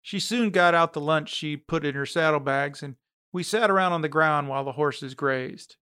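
A man narrating a story read from a letter, steady and reflective. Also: on the high side, moderate pace, smooth, no echo, clean studio sound.

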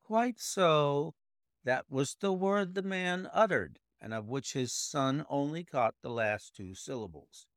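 A man voicing a brilliant, precise male detective explaining his deductions in a measured way. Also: fairly high pitch, no room sound, studio quality, pitched above the performer's own voice.

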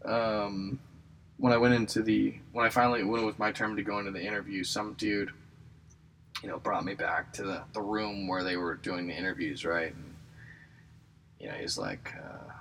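A man's voice: fairly low pitch, brisk, vocal fry, a bit bright, slight background noise, low-quality recording. A young man talking in a rambling, self-deprecating casual monologue, joking and restarting often. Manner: self-deprecating, jokey, lots of fillers and restarts. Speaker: aspiring comedian and actor.

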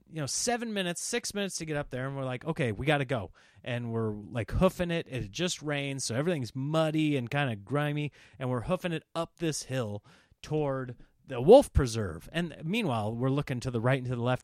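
A middle-aged man telling a comic family story as a podcast host, lively and jumping into high voices for the people he quotes. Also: dry recording, studio quality. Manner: animated, acts out quotes in raised voices.

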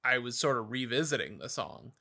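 A man's voice: medium pitch, big pitch swings, a little fast, creaky, sharp tone. A man co-hosting a podcast over a call, talking in a loose, easygoing way that trails off. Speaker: podcast co-host. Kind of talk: casual chat on a call. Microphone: computer call microphone.

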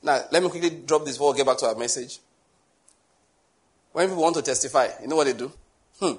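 A middle-aged man preaching a sermon, animated, asking rhetorical questions and acting out little scenes. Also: mid-range voice, quick pace, long pauses.

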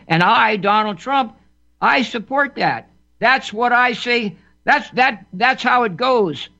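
A man's voice: very high voice, expressive, slow pace, vocal fry, bright, forceful tone. A man giving an emphatic political monologue as a commentator, often repeating words and restarting phrases. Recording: dull lo-fi recording.

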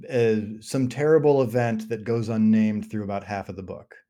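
A man's voice: lowish voice, steady tone, moderate pace, mellow. A man co-hosting a book podcast, playfully mock-defiant, with hesitant restarts. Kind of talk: casual book-club chat.

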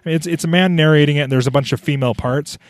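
A man's voice: fairly high pitch, rapid-fire, no echo, studio quality. A man hosting a podcast, chatting casually and often restarting his sentences. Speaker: podcast host. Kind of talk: casual chat.

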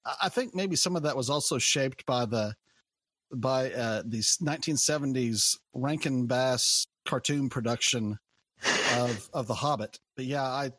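Man, casual chat, relaxed and rambling, medium pitch, dry recording. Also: unhurried, dry recording.

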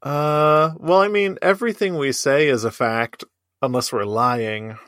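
A man's voice: medium pitch, measured pace, fairly bright tone, no room sound, studio quality. A man co-hosting a podcast in loose, joking casual chat, laughing often and swearing freely. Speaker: podcast co-host.

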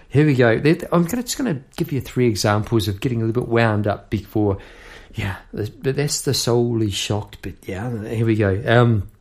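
A middle-aged songwriter hosts his own show with a gravelly edge to his voice. He talks in a loose, joking way, drifting from topic to topic and laughing at his own gripes. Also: medium pitch, darkish tone. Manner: chatty, jokey, goes off on tangents with frequent laughs. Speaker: songwriter and podcast host. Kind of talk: rambling casual monologue. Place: home room at a piano.

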